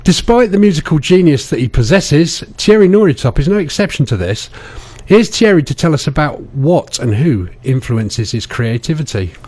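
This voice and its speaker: A man's voice: a little high, lively intonation, moderate pace, few pauses, a little mellow. A man presenting a radio music show, linking songs in a chatty, playful way.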